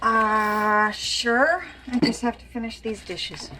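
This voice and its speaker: A woman's voice: on the high side, fairly even intonation, slow, bright, forceful tone, a little hiss or hum. An actress playing an exhausted, anxious mother of a sick baby, with a strained, pleading delivery. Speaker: character in a TV drama clip.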